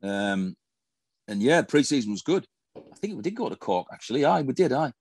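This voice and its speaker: A man's voice: mid-range voice, very animated, moderate pace, a little mellow, husky, dry recording. A middle-aged man, a former footballer telling profane anecdotes in a casual interview. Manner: profane, storytelling, swears constantly.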